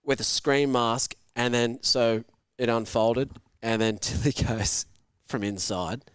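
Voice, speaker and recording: Animated storyteller man with a smooth voice. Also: medium pitch, slow pace, dry recording, studio quality. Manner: animated, swearing, shouts out voices in his stories. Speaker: host. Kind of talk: casual storytelling on a live sports watch-along.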